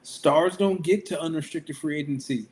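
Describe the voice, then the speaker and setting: A man's voice: a little high, normal speed, crowd noise. A man co-hosting a casual sports podcast, talking with wry, dry commentary. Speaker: podcast co-host. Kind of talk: casual chat.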